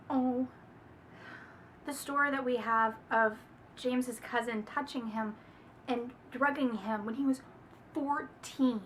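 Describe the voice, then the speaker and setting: A young woman chatting casually in a book review, gushing and animated with dramatic exclamations. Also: high-pitched, a little hiss or hum.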